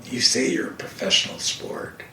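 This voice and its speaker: An older man, a guest and racing TV commentator, telling stories emphatically in a casual fireside conversation, recorded from a distance in an echoey room. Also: normal speed. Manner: animated, emphatic storytelling. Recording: echoey room, distant mic, faint hiss.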